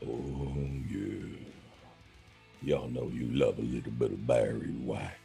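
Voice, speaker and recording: A man putting on a deep crooning lover voice. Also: slow, gravelly, warm tone, soft background music, exaggerated voice. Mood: seductive.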